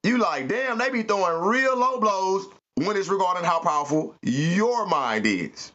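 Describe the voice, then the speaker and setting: A man's voice: high-pitched, lively intonation, unhurried, sharp tone, highs cut off. A man giving an emphatic spiritual motivational talk, preachy and full of profane slang. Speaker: podcast host.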